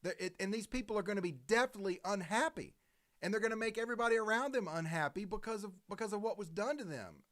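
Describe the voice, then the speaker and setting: High-voiced man rambling on a talk show. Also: a bit bright. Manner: rambling, halting restarts. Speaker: co-host. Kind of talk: political talk show chat.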